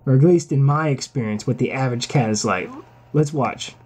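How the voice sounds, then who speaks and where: A man's voice: medium pitch, fairly quick, a little mellow, husky. A man vlogger ranting casually over a video, exasperated, crude and repetitive.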